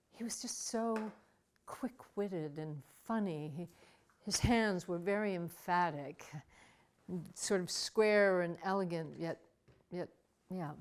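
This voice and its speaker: An older woman telling a personal story in a wry, dramatic way, soft music behind her. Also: fairly low pitch, unhurried. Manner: wry, dramatic, with acted asides.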